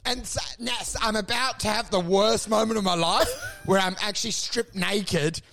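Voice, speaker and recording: A man, co-hosting a comedy podcast, rambling through crude stories and acting out scenes in shouted high voices. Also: fairly even intonation, normal speed, vocal fry, faint music behind. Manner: crude, swears often. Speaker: podcast co-host.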